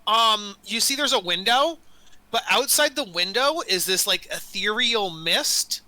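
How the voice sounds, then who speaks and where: Bright, high-voiced male game master. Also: expressive, measured pace, no echo, poor audio. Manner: rambling, self-correcting, with many fillers. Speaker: dungeon master. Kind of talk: narrating a tabletop game.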